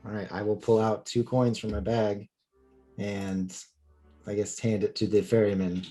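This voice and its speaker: A man playing in a tabletop game over an online call, chatting casually with relaxed, self-deprecating remarks. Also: lowish voice, normal speed, soft background music. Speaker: player. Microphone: online call microphone.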